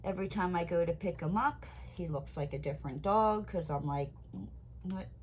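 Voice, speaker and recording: Lively swearing woman telling a story. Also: on the low side, a little fast, slight background noise. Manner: animated, swears freely, quotes herself loudly. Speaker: crafting vlogger. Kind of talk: casual storytelling chat.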